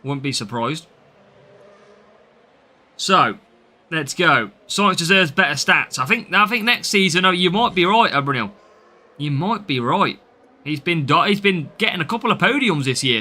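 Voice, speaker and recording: A man's voice: on the high side, animated, a little slow, pauses often, pushed and bright. A man from the English Midlands with a Midlands accent, chatting through a live game stream and answering viewers' comments as he plays.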